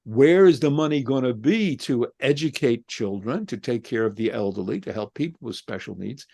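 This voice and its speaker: A man's voice: mid-range voice, expressive, moderate pace, creaky, mellow. A man who is a philosophy professor and author, answering an interview with impassioned rhetorical questions. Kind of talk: interview answer, reflective monologue.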